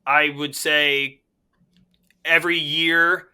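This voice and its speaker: A young man co-hosting a casual sports chat, excitable and fan-ish, quick to laugh. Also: a little high, clear, resonant tone. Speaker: podcast co-host.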